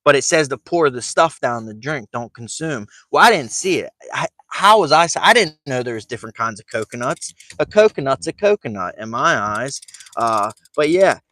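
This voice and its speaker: A man's voice: mid-range voice, lively intonation, normal speed, bright, forceful tone, dry recording. A man telling a rambling story to camera while fishing from a boat. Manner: rambling, chatty, laughs through his story. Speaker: fishing vlogger.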